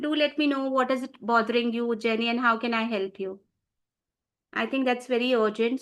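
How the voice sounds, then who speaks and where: A woman trainer, leading teachers through an online session. She speaks high in her range, in a brisk, directive way, and calls on participants by name. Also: sharp tone.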